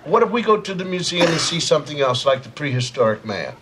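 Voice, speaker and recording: A man's voice: fairly high pitch, sing-song, quick pace, background noise. An actor playing a playful middle-aged father in a family sitcom, teasing his kids and lecturing them in mock-serious fashion. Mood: joking. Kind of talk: sitcom acting before a studio audience. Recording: loud studio audience laughter behind.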